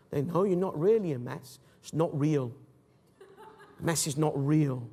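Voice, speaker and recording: A man giving a Christian teaching talk, animated and jokey, acting out scenes for his listeners. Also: medium pitch, measured pace. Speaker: Christian speaker. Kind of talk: teaching talk with acted illustrations. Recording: long reverb of a hall.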